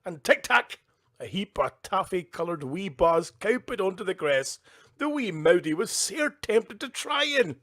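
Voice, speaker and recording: Easygoing Scottish Highland dad reading aloud. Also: male voice, expressive, measured pace, a bit bright. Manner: easygoing, jokey, chatty asides. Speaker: host reading a children's book. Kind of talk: casual storytime reading. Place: kitchen at home, indoors.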